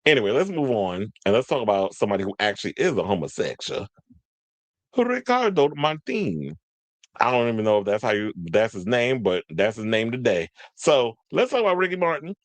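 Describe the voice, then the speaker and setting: Lively, gossipy man hosting pop-culture chat. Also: on the low side, a little fast, dry recording. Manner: playful, gossipy, laughs often, mock-swooning asides. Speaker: host.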